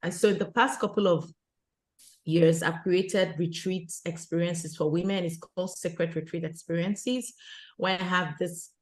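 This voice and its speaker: Woman guest, earnest storyteller, lowish voice, peppers talk with "you know". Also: fairly even intonation, moderate pace. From abroad, immigrant to Canada. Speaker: guest, retreat organizer for women. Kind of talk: conversational interview storytelling.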